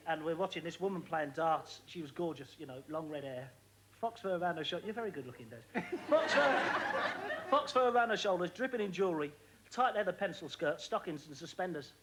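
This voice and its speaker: A man's voice: fairly high pitch, slight background noise. A man, a comedian guest on a chat show, rattling off gags and laughing at his own jokes. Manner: quick joking patter, laughing at own gags. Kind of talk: stand-up style chat show banter. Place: TV studio with live audience. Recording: old TV tape, loud studio audience.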